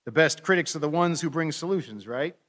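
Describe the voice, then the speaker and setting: A middle-aged man preaching a sermon as pastor, in a conversational, animated storytelling manner with playful asides. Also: a little high, fairly quick.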